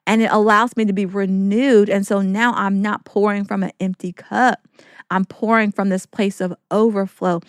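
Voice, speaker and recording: Recorded cleanly in a studio without echo, this female podcast host talks about faith in an earnest, uplifting manner. She repeats herself like a preacher, her voice medium in pitch.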